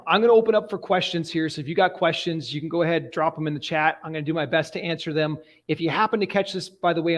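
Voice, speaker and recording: Male coach, a bit high-pitched, lively storyteller for a live training stream. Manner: animated storytelling. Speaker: real estate investing coach. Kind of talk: live online training talk.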